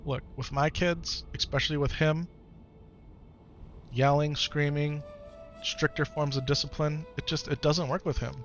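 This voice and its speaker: A man streaming live who talks softly and coaxingly with his young son, then reads and answers his chat in casual talk. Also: on the high side, steady tone, a little slow, lo-fi sound. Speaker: streamer and father. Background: game music.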